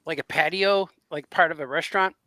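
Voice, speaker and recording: A middle-aged man chats on a podcast, winding through long anecdotes with frequent laughs. His voice sits high and sounds bright. The recording is close and dry. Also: a little fast, no room sound. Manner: rambling storyteller, laughs often. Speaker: podcast co-host. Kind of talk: casual chat, anecdotes.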